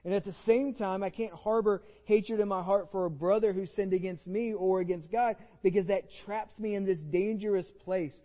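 A man's voice: sits high, fairly even intonation, moderate pace, hardly any pauses, big-room sound, highs cut off. A pastor with a Texan accent, preaching a conversational sermon, often repeating words as he starts a phrase. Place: church sanctuary.

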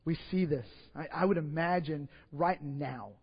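A Texan pastor with a fairly high voice tells a story from the pulpit. He is animated, dropping to hushed asides and then rising to loud bursts. The recording is dull and lo-fi, with long church reverb. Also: a little slow, husky. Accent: Texas. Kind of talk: sermon storytelling. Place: church sanctuary.

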